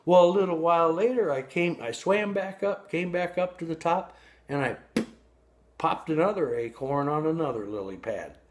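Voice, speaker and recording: A man voicing a boastful old male bass fish who spins a tall tale in a casual, bragging manner. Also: animated, moderate pace, background noise, natural voice.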